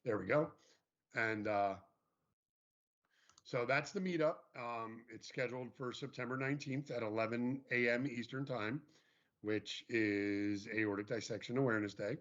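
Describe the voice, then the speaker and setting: A man's voice: normal speed, fairly bright tone. A man co-hosting an online show, casually announcing events with frequent fillers and restarts. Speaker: co-host. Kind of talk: casual livestream chat and announcements. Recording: muffled low-fidelity stream audio.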